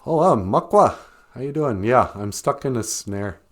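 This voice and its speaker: A man's voice: medium pitch, expressive, moderate pace, natural voice. A man voicing a stubborn, self-righteous male rabbit stuck in a snare, pleading and indignant.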